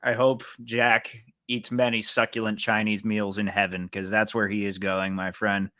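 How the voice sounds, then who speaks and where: Low-voiced laid-back podcast host man. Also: little pitch movement, moderate pace, sharp tone, no room sound. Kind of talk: casual chat.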